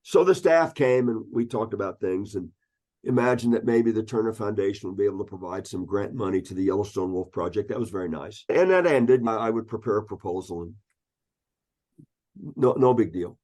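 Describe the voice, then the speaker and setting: An ecologist in his sixties, appearing as an interview guest, tells anecdotes and acts out the voices of people he quotes. His voice is fairly low, dark, and brisk.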